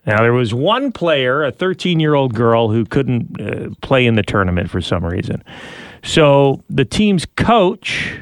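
A chatty man hosts a podcast, trading news stories and quick asides with his co-host. He laughs easily, and his voice sits dry and close to the mic. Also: medium pitch, very animated, no room sound. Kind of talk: casual chat and news reading.

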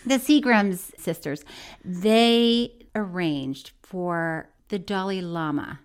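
A woman's voice: on the low side, takes it slowly, clear, resonant tone. A woman co-hosting a casual chat show, teasing and laughing as she talks. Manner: teasing, laughs often, stumbles over names. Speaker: podcast co-host.

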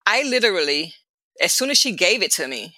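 A middle-aged woman telling her life story as an interview guest, animated and chatty, often laughing and acting out the people she quotes. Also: lowish voice, brisk, no echo, rough recording. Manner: animated, laughing storyteller who acts out voices; casual and chatty, addresses the hosts directly.

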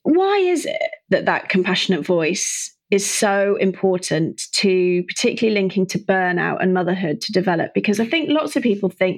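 A woman's voice: medium pitch, lively intonation, normal speed. A woman hosting a podcast, asking long, engaged questions of her guest. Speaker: podcast host. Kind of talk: podcast interview.

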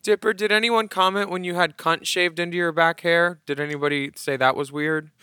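A man's voice: fairly high pitch, fairly even intonation, fairly quick, sharp tone, clear, resonant tone, no echo. A man co-hosting a podcast in casual chat, firing off sassy, bawdy quips. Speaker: podcast co-host.

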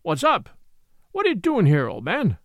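A man's voice: high voice, huge pitch swings, moderate pace, fairly bright tone, no room sound, heavily acted. Male narrator as a brash rival caught off guard; dry, close sound. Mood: breezy. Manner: breezy, feigning surprise. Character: brash, foolish rival man.

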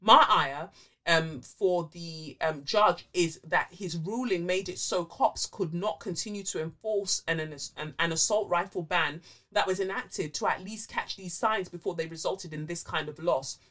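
A woman podcast co-host casually reading listener letters aloud, animated, with frequent fillers and swearing. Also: lowish voice, a little slow.

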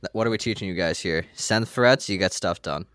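A man's voice: deep voice, a little fast, fairly bright tone, no echo. A man co-hosting a casual podcast chat, laid-back with dry jokes. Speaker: podcast co-host.

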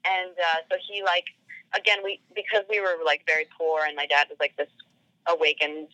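Bright-voiced chatty woman telling a story. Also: on the low side, flat delivery, fairly quick, dry recording, dull audio. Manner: chatty, full of "like" fillers, acts out quoted dialogue. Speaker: podcast guest. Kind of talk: casual storytelling.

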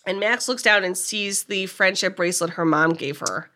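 A woman podcast co-host casually recapping a movie's plot, telling it with animated energy and frequent fillers. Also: mid-range voice, normal speed. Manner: animated storyteller, frequent "like" and laughs.

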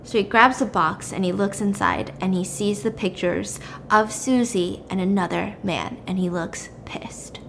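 A woman casually recapping a drama's plot in an animated, chatty way, peppering it with fillers. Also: medium pitch, normal speed, gravelly, a little hiss or hum.

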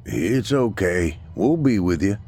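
A man reading aloud and voicing a firm, gruff male army veteran who speaks tersely. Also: low voice, animated, moderate pace.

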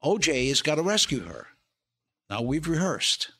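A man's voice: on the high side, very animated, moderate pace, bright, forceful tone, breathy edge. An older man, an actor and comedian, telling show-business stories as a podcast guest, laughing through his punchlines. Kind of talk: casual anecdote telling.

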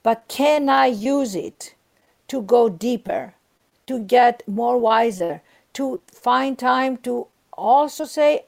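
Creaky-voiced woman speaking earnestly. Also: a little high, slow pace, a little mellow. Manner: earnest, emphatic, acts out inner voices. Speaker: guest author and speaker. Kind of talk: warm spiritual interview talk.

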